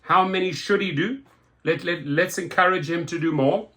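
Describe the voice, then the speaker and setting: A man's voice: a little high, normal speed, sharp tone. A man hosting a rideshare talk show, reading a news article aloud and reacting to it with indignant, sarcastic commentary, often repeating and restarting words. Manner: indignant, exasperated, with sarcastic asides.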